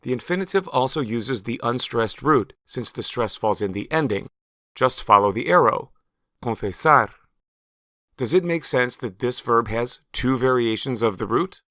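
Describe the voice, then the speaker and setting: A man narrating a scripted language lesson, slow and careful, stressing syllables clearly as he models words. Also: mid-range voice, expressive, pushed and bright, no echo, clean studio sound. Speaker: Spanish teacher.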